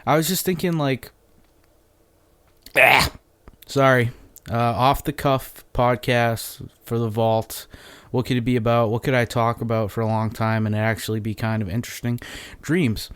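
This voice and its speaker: A man's voice: medium pitch, flat delivery, normal speed, a bit bright, clean tone, no echo. A man hosting a solo podcast, telling a story in a rambling, profane, off-the-cuff way, a little phlegmy. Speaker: podcast host.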